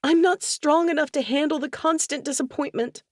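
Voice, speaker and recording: A woman reader doing a distraught young wife in an audiobook, pitched well above her narrating voice and pushed louder. Her pleading lines crack with tears. The sound is close and dry. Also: normal speed, dry recording, natural voice. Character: anguished young wife, tearful and desperate. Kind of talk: audiobook character dialogue.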